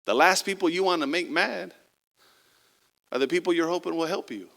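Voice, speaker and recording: High, bright-voiced preaching man. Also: normal speed, gravelly, long reverb tail. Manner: conversational preaching, swinging between loud emphasis and quiet, low delivery; acts out quoted people in a casual voice. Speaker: pastor. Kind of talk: sermon.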